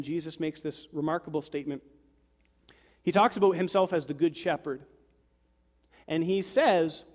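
A man's voice: high voice, big-room sound. A man in his thirties, a pastor giving a sermon to a congregation in a church, talking in a conversational way with joking asides.

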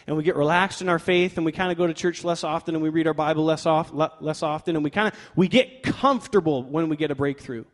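A male pastor preaching a sermon in a conversational way, swinging from loud emphatic bursts to quiet asides and joking with himself. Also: fairly high pitch, brisk. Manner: conversational with fillers like "like" and playful self-talk. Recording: long reverb of a large hall.

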